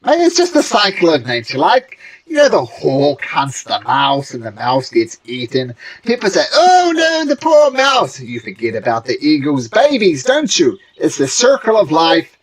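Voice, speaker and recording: A game master voicing an indignant little gnome who guards a forest grove, scolding the players in a high, shrill voice. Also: huge pitch swings, normal speed.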